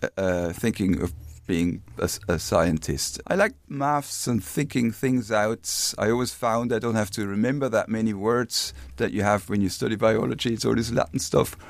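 A man's voice: fairly low pitch, moderate pace, gravelly, few pauses, no echo. A German man in his fifties with a German accent, chatting as an interview guest, friendly and thoughtful, repeating words as he searches for them. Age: 50s. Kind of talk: casual interview chat.

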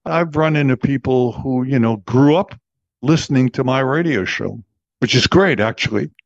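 A chatty American man in his seventies, a veteran disc jockey telling stories. His mid-pitched voice comes through a dry, close recording with slightly dull sound. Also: normal speed, creaky, dry recording. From Texas, USA. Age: 70s. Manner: chatty, laughs often, acts out quoted voices. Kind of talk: relaxed interview storytelling.

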